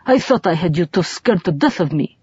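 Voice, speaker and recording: A woman's voice: lowish voice, lively intonation, fairly quick, mellow, slightly rough, no room sound, dull audio. A woman voicing a brash, streetwise male smuggler who talks in blunt, broken English with a swagger. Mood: admiring.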